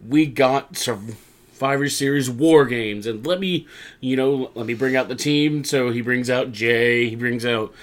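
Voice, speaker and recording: A man casually recapping a wrestling show as podcast co-host, rambling and acting out quotes in lively voices. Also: medium pitch, a little slow.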